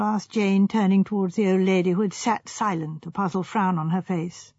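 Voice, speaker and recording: Breathy woman narrating a story. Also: medium pitch, lively intonation, brisk, few pauses, darkish tone, no room sound. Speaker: audiobook narrator. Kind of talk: scripted narration. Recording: slightly dull, dry recording.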